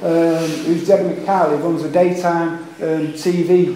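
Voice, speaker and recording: A man's voice: fairly high pitch, flat delivery, moderate pace, dark tone, slight background noise. An older man with a Liverpool accent giving an earnest, rambling public speech at a meeting, with self-deprecating asides. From England. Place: meeting hall. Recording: echoey meeting hall.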